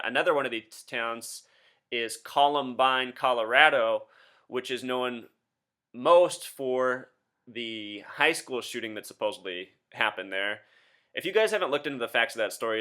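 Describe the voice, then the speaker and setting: Addressing his viewers directly in a solo commentary video, a host in his thirties speaks with a bright, forceful, mid-range voice. He's insistent and keeps throwing rhetorical questions at them.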